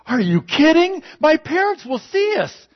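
A man voicing a nervous teenage girl on a date, speaking in a squeaky, anxious way. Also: big pitch swings, measured pace, no echo, muffled recording, exaggerated voice.

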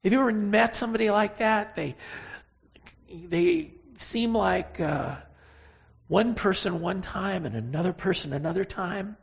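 A preacher giving a sermon, telling a Bible story with emphatic, animated delivery and pauses. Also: mid-range voice, gravelly, slightly rough, highs cut off.

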